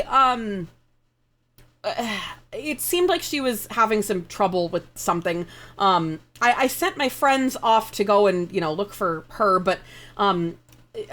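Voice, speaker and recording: Hesitant young male trainer, voiced by a woman, halting and unsure. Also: medium pitch, fairly bright tone. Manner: hesitant, halting, filler-heavy.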